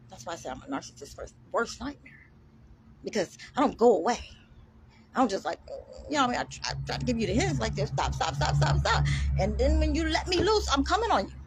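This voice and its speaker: Speaking to camera, a woman delivers a defiant rant full of heavy swearing, combative and emphatic, repeating words for force. Her voice is fairly high, with a little hiss or hum in the recording.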